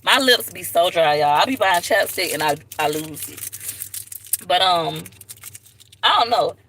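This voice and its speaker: A woman's voice: on the low side, lively intonation, moderate pace, a bit bright, slight background noise, rough recording. Candid woman telling a personal story. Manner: candid, tearful at times, Southern US slang. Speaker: vlogger on a live stream.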